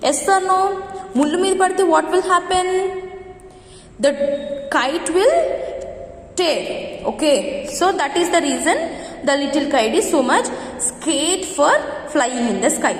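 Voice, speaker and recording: High-voiced woman teacher. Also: normal speed, pauses often. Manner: questioning children, repeating. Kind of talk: storybook lesson for young children. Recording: echoey room with long reverb.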